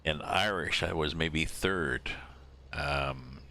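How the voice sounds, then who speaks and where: Guy streaming a truck game, super deep but bright voice, rambling along thinking out loud. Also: slow, creaky. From Canada. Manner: rambling, musing aloud, reading out viewer names. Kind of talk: casual live-stream chat while driving a truck sim.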